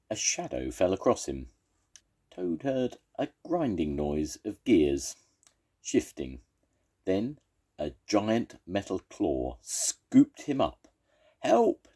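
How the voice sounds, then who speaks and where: An older man reads a children's story aloud to his grandchildren in a very low, dark and husky voice. He takes his time, but his pitch moves in a lively, expressive way as he tells the tale.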